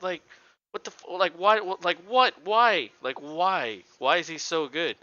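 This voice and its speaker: A man's voice: sits high, normal speed, no room sound, muffled recording. A man co-hosting a sports podcast, ranting casually with lots of swearing and mocking impressions. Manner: animated, profane ranting with mocking voices. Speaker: podcast co-host.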